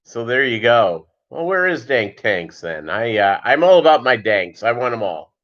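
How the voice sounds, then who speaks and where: A man's voice: mid-range voice, sing-song, moderate pace, a bit bright, dull audio. Rambling man hosting a livestream. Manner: greets viewers by name, rambling with many fillers. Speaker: fishkeeping livestream host. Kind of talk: casual livestream chat.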